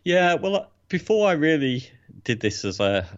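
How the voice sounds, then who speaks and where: A man's voice: fairly high pitch, sing-song, moderate pace, muffled recording. A man co-hosting a podcast in casual chat, often repeating words as he starts a thought. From England. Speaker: podcast co-host.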